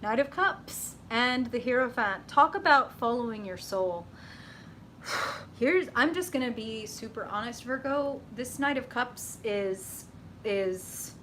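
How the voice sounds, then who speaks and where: A woman hosting a live tarot reading stream, chatty and excitable, with lots of fillers and laughter. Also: mid-range voice, slight background noise.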